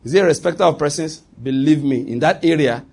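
Male preacher, earnest sermon delivery, slightly raised pitch. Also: vocal fry, darkish tone, husky. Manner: earnest, slows to stress scripture, some restarts.

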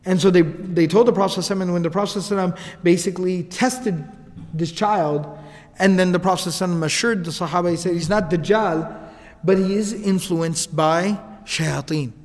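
Animated high-voiced man lecturing in a hall. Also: fast. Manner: animated, acts out quotes, casual asides. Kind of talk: storytelling lecture.

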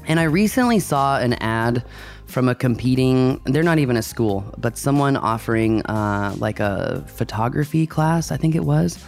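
A male podcast host who talks in a casual, down-to-earth way, rambling a little as he gets excited. His voice sits at an ordinary middle pitch. Faint music plays underneath. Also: normal speed, vocal fry.

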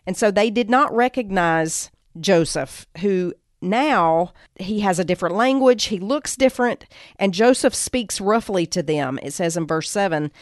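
A woman's voice: medium pitch, no room sound, studio quality. A woman podcast host retelling a Bible story in a conversational teaching style, reading quoted lines and adding asides.

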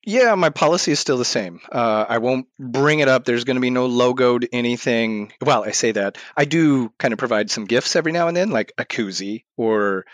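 There's no echo on this clip of a man speaking as a podcast interview guest, his voice medium in pitch, his pace normal with few pauses. He's an animated storyteller who acts out his own past words.

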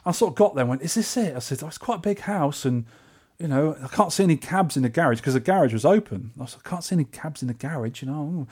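A man with a London accent, co-hosting a podcast and telling a trip story in casual chat, animated and acting out the people he met. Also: on the high side, fast talker, husky. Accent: English, London. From England. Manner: animated, acts out quoted voices. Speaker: podcast co-host.

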